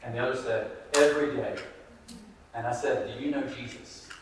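A man's voice: medium pitch, fairly even intonation, moderate pace, recorded from a distance, background noise. A man preaching a sermon, speaking earnestly and conversationally and repeating his key phrases. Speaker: pastor. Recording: echoey hall, voice picked up from afar.

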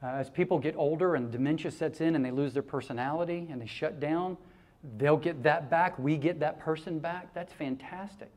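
A man preaching a sermon, telling stories in an animated way with laughter and acted-out quotes. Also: a little high, normal speed. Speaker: pastor.

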